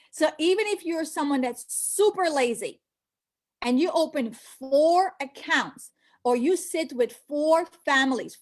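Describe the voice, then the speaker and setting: A middle-aged woman, born outside the US, recruiting for a financial business in an emphatic motivational pitch, repeating key phrases and asking rhetorical questions.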